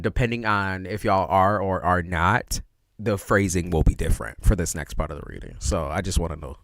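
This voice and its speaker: A man's voice: on the low side, a bit bright, dry recording, studio quality. A man giving a casual livestream tarot reading, talking in slang, with lots of expression and frequent laughs. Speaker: tarot reader.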